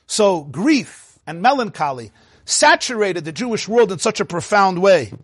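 Animated man giving a Torah talk. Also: sits high, unhurried, husky, no room sound, studio quality. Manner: animated storytelling with laughs and Hebrew terms. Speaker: rabbi teaching. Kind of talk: Torah lecture.

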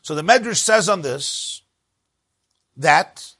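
A man's voice: on the high side, animated, slow pace, sharp tone, husky, dry recording. A man with teaching a Torah lesson, rising and dropping sharply for emphasis. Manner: emphatic, rises and drops sharply for stress.

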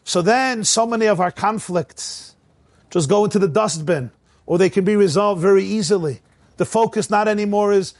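A rabbi giving a sermon in a fairly high voice, telling stories with energy and acting out each voice. The sound is close and dry, with no room echo. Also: male voice, normal speed. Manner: animated storytelling, acting out quotes.

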